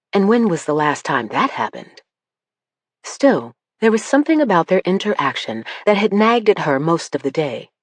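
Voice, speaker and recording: A woman narrating an audiobook thriller in a measured storytelling voice, close to the mic. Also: sits low, no room sound. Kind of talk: scripted narration.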